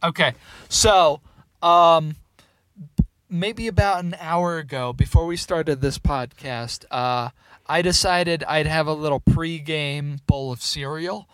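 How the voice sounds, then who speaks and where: Brief: young male podcast co-host, slightly high voice, dry close sound, rambling and giggly, talks from a parked car. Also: steady tone, slow pace, fairly bright tone, clean tone, dry recording. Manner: laughs often, rambling, swears. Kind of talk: casual chat. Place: sitting in his car.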